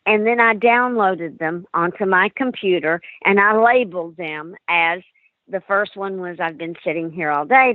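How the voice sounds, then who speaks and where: A woman paranormal investigator, a guest on an interview show, telling her stories with lively acted-out quotes. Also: medium pitch, dry recording. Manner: animated storyteller acting out quotes. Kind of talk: storytelling in a call-in interview. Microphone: phone. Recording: tinny dry phone line.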